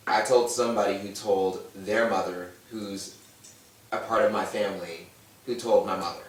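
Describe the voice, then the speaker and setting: A man's voice: low voice, moderate pace. Man in his thirties telling his story. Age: 30s. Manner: animated, acts out quoted voices. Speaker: guest. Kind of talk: candid personal storytelling. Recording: echoey room, distant mic, faint noise.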